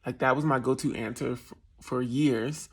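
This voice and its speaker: A man's voice: mid-range voice, fairly even intonation, moderate pace, slightly rough. A man from New Jersey vlogging in a casual, self-mocking storytelling style, laughing often and putting on voices for other people. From New Jersey, USA. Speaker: travel vlogger.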